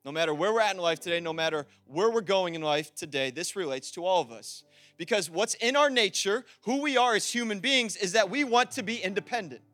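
A man with a high voice preaches a sermon, keeping it loose and conversational, then pushing into loud, emphatic stretches. Soft music plays quietly behind him. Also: expressive, fairly quick, dry recording.

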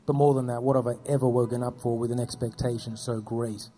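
A man telling earnest faith stories as an interview guest, dropping his voice low at solemn moments. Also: flat delivery, fast talker, mellow, slight background noise. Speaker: guest speaking about persecuted churches. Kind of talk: storytelling testimony.

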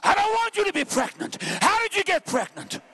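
An exasperated young husband, scornful and incredulous as he hurls questions, with a high, bright, forceful voice, as a male preacher acts him out mid-sermon. His pitch jumps around in disbelief. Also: wildly swooping pitch, moderate pace, heavily acted.

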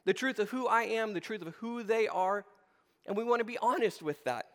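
A man's voice: sits high, fairly quick. A middle-aged male pastor giving a conversational sermon, asking the room questions and acting out short quotes. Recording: long hall reverb.

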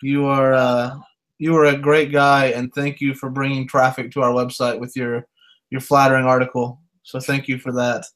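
A man's voice: mid-range voice, little pitch movement, a bit bright. A man co-hosting a casual sports podcast, easygoing and teasing, with many "you know" fillers. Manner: laid-back, joking, drawn-out fillers. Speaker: podcast co-host.

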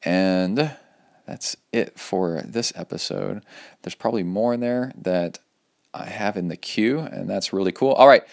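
A man's voice: sits low, measured pace, gravelly. A man hosting his own podcast, talking casually and enthusiastically with plenty of fillers as he rambles through updates and a sponsor read. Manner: loose and rambling, many fillers, upbeat and enthusiastic. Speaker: podcast host.

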